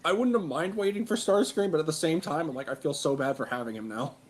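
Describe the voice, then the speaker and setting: A man's voice: fairly high pitch, quick pace. A man on a video call chatting in a wry, self-deprecating way. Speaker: guest. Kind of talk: casual group chat.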